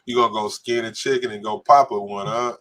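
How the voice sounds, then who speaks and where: Joking podcast co-host, low voice. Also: male voice, fairly even intonation, a little fast, fairly bright tone, a little hiss or hum. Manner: joking, laughs often, reads viewer comments aloud. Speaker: podcast co-host reading live chat. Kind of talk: casual live-stream chat.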